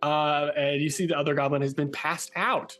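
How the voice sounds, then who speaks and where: A man narrating as game master for a tabletop game, excitable and halting, with many fillers. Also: a little high, soft background music.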